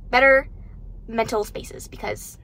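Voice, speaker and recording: A young woman talking casually to the camera at home about the books she is reading, animated and self-deprecating. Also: fairly high pitch, measured pace. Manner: chatty, animated, self-deprecating with bursts of loud excitement. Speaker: book vlogger. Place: her home.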